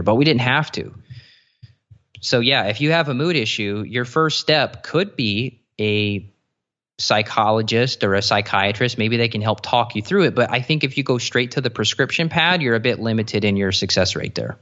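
A man talking as a nutrition guest in a casual interview, explaining eagerly with quick asides and restarts. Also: on the low side, a bit bright, muffled recording.

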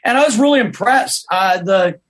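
A man, a podcast guest, telling an animated story in casual chat. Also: sits high, normal speed.

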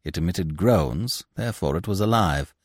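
A man narrating a classic novel for a podcast in a theatrical, expressive manner, close to the mic. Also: sits low, normal speed, dry recording.

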